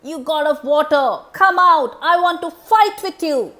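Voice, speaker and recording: A woman voicing a proud, boastful male buffalo-headed demon who shouts his challenges. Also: sits high, lively intonation, measured pace, pitched above the performer's own voice. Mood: bellowing.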